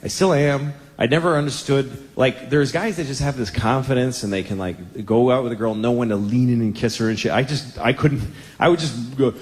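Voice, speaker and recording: A man's voice: medium pitch, brisk, big-room sound. A man in his forties doing a stand-up routine, crude, rambling and self-deprecating. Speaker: stand-up comedian.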